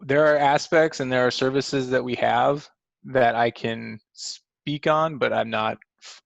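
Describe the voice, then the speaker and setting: A man's voice: mid-range voice, vocal fry, dry recording, highs cut off. A man in his late thirties from North Dakota, presenting a work webinar in a casual, rambling way with lots of fillers, still in his groggy morning voice. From Fargo, North Dakota. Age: late 30s. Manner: chatty, rambling with many fillers and restarts. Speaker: senior manager presenting a webinar. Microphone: video call.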